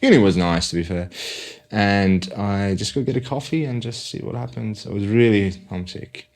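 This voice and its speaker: A young man from Iran, a podcast guest sharing a personal faith story in a halting way, with restarts and fillers. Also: fairly low pitch, gravelly.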